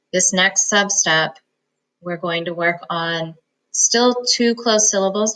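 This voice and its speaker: A woman's voice: medium pitch, a bit bright, low-quality recording. A woman teaching a phonics lesson, patiently sounding out words syllable by syllable. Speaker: reading teacher.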